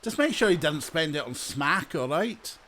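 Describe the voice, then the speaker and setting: A man putting on a Scottish accent to play a furious, foul-mouthed male spin doctor who shouts insults. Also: a little high, very animated, moderate pace, a little hiss or hum. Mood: ranting. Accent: Scottish, put on.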